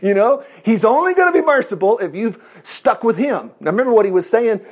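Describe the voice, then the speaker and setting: High-voiced and brisk, this male preacher addresses a congregation in a room with a conversational sermon. His manner is animated, and he acts out the voices he quotes.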